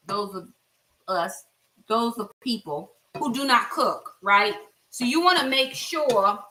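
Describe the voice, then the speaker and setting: A woman's voice: a little high, pushed and bright, a little hiss or hum. A middle-aged American woman chatting while she cooks in her home kitchen, giving blunt, friendly advice to her viewers. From United States. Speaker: cooking vlogger. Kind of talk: casual cooking vlog. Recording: voice a bit far from mic.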